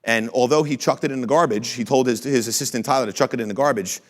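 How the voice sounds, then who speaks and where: Man, founder type, quick and punchy motivational storyteller, mid-range voice, talks straight to the crowd. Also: mid-range voice. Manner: energetic, blunt, swears casually. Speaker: company founder and CEO speaking to an audience. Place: room with a live audience.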